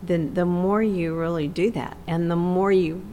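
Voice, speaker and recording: A woman's voice: on the low side, steady tone, a little slow, mellow, a little hiss or hum. A woman in a faith discussion, speaking earnestly and affirming the others.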